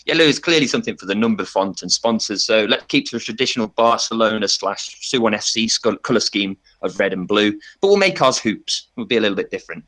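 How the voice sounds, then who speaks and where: A man on a podcast giving a playful, tongue-in-cheek pitch and laughing often. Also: animated, fast, hardly any pauses, fairly bright tone. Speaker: podcast panelist. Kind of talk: mock campaign pitch.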